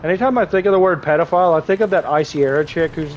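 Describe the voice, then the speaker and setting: A man's voice: a little high, fast talker, few pauses, slight background noise, rough recording. Crude, joking young male streamer. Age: 20s. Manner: crude joking, laughs often. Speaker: game streamer. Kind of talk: casual livestream chat with viewers.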